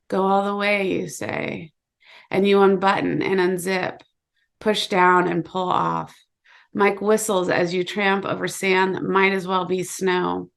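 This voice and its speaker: A woman author giving a measured, low-key reading of her own short story. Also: creaky. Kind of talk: literary reading, second person.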